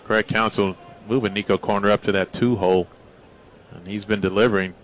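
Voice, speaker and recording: Low-voiced analytical baseball analyst man. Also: steady tone, slight background noise. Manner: measured, analytical. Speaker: color commentator. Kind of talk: baseball color commentary.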